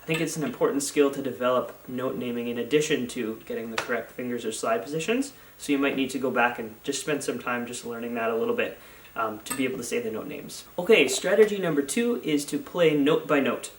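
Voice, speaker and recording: A man's voice: mid-range voice, brisk, far from the mic, a little hiss or hum. A male music teacher explaining practice strategies in a patient, instructional way, often using fillers as he counts off and chants note names. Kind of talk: instructional video lesson. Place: school band room. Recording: echoey room, off mic.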